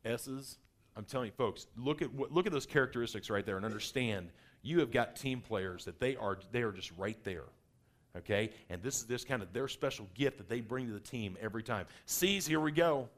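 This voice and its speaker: A middle-aged man giving an energetic seminar talk as a workshop presenter, acting out personality types in quick little voices. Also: mid-range voice.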